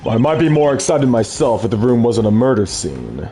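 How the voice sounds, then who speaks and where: A calm, courteous defense lawyer played by a man, speaking in a mid-range voice with very animated pitch swings. His phrasing stays polite, measured and formal in a fan dub of a game. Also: soft background music, natural voice. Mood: composed.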